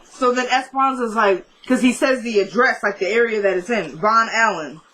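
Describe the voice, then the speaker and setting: Chatty woman recapping with a bright voice. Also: on the high side, normal speed, low-quality recording. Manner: chatty retelling that acts out the characters' dialogue; blunt asides with mild swearing. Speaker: vlogger recapping a TV episode. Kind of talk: casual episode recap.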